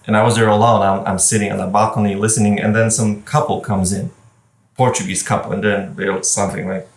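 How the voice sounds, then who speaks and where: Male podcast guest, low voice, chatty storyteller, echoey room, sits back from the mic. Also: flat delivery, a little fast. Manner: storytelling, chatty, laughs while talking. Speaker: wedding photographer guest. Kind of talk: casual podcast chat. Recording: roomy and distant from the mic.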